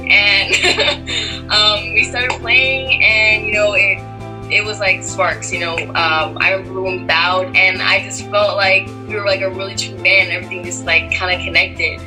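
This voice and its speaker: A woman's voice: mid-range voice, fairly even intonation, measured pace, low-quality recording. A young adult woman in a casual storytelling interview, talking in a chatty way full of "like" and "you know". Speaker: actress interviewee. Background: music.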